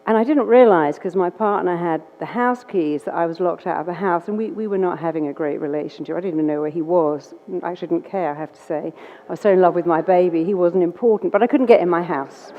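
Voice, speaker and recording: A woman's voice: lowish voice, fast. A woman with an English accent, a therapist telling a story as a speaker and acting out the dialogue in changed voices. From England. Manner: lively, acts out quoted dialogue in changed voices. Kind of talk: storytelling talk. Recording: dull recording in a reverberant hall.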